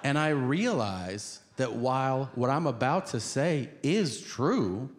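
Male stand-up comic, unhurried, swoopy lively pitch; live stage mic with steady room noise. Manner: drawn-out comic delivery, acting out quotes. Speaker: stand-up comedian. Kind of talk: stand-up storytelling. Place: stage before a live audience. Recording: live show with hall noise.

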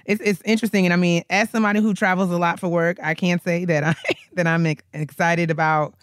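A man's voice: sits high, flat delivery, quick pace, a bit bright, clear, resonant tone, no room sound, studio quality. A man co-hosting a casual chat, sassy and dramatic, laughing often. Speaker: podcast co-host.

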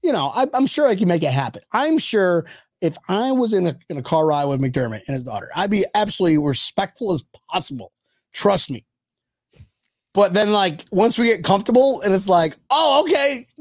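A young man co-hosting a fan podcast in casual chat, excitable and joking, laughing often. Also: on the high side, no room sound, studio quality. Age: young adult. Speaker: podcast co-host.

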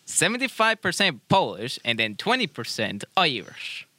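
A man's voice: fairly high pitch, wildly swooping pitch, normal speed, bright, forceful tone, no room sound, studio quality. A young man co-hosting a casual chat with his father, mostly giving short agreeable replies. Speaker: co-host, son, gamer.

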